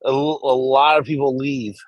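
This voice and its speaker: A man's voice: mid-range voice, fairly even intonation, moderate pace, dry recording, dull audio. A man hosting a casual chat among growers, loose and profane in his banter. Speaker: host.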